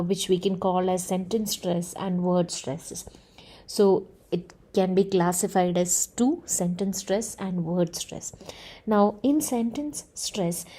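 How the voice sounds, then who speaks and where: Woman teacher explaining stress rules, mellow soft tone, steady mid pitch. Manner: measured, explanatory, filler "uh" and "okay". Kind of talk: explaining phonetics.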